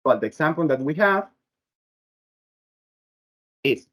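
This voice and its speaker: A man talks through a class presentation on pronunciation at an unhurried pace. His voice sits at an ordinary middle pitch. He explains step by step and often restarts a phrase before going on. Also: rough recording. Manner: slow, careful explaining with frequent restarts. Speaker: student presenter.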